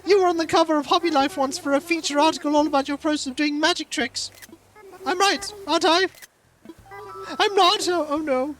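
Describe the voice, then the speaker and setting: A streamer reading an excitable animal villager's lines in a raised, bright, peppy voice. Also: sits high, brisk, faint music behind, pitched above the performer's own voice, rough recording.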